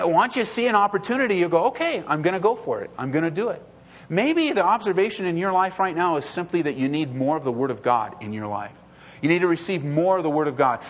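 A male pastor preaching a sermon in an earnest way, repeating phrases for emphasis and acting out quoted prayers and replies. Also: high voice.

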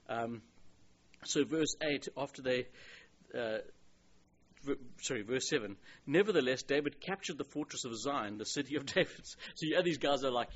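Husky South African man preaching. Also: mid-range voice, expressive, normal speed. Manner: chatty and digressive, with many restarts and soft chuckles. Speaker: pastor. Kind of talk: Bible teaching sermon. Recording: dull lo-fi recording.

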